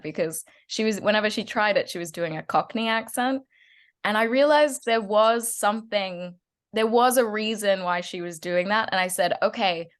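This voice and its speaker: Speaking in a mid-range, slightly bright voice, this Australian actress in her twenties is a guest in a relaxed interview chat. Her accent is Australian, and she laughs frequently.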